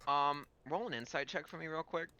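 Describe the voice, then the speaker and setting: Game master guy rambling thru the scene, bright voice, lots of likes and ums. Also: on the high side, brisk, clear, resonant tone. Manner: rambling, filler-heavy, animated. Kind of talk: narrating a tabletop game.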